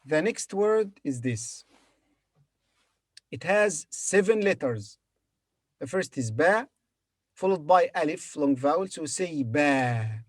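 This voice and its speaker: A man's voice: a little high, no room sound, studio quality. A man teaching Arabic to beginners, patiently sounding out each word and repeating it for his learners. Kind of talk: beginner language lesson.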